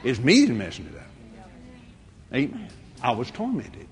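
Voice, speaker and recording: A middle-aged man preaching a sermon and telling a story, swinging between shouted lines and hushed ones. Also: mid-range voice, huge pitch swings, a little slow.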